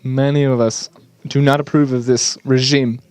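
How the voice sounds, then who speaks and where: Smooth-voiced male interpreter. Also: mid-range voice, little pitch movement, moderate pace, darkish tone, dry recording. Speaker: voice-over interpreter. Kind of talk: live interpretation voice-over.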